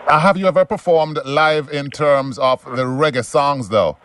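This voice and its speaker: A man's voice: on the high side, normal speed, fairly bright tone, slight background noise. Upbeat radio host, man. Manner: upbeat, friendly. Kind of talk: radio interview.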